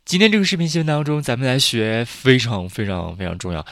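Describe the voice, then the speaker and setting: A man's voice: mid-range voice, fast, a bit bright, dry recording, clean studio sound. A man hosting an English lesson podcast, chatty and casual, explaining vocabulary with lots of repetition. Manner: chatty, repeats himself, laughs at jokes. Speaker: English teacher, podcast host.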